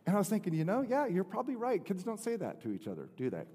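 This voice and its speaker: A middle-aged man preaching and telling a family story, with many restarts and lively swings in pitch. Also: rapid-fire, slightly rough. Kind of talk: sermon. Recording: long hall reverb.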